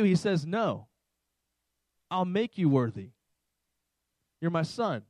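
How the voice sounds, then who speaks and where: Man, pastor, sermon, high voice, emphatic, repeats points, dry sound. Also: darkish tone, no room sound, poor audio. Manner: emphatic preaching, repeats key lines. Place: church service with slides.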